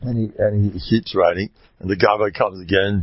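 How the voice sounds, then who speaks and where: Gravelly man rambling through a sermon. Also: fairly low pitch, normal speed. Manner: rambling, animated storyteller. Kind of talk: sermon with storytelling. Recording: dull lo-fi dry recording.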